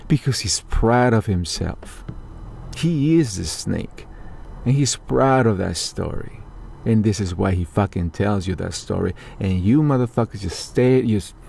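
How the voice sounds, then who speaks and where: A man's voice: on the low side, gravelly, dark tone, slight background noise. A man from Mexico delivering a heated, profane political rant, indignant and sarcastic as he talks straight to his viewers. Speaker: political commentator.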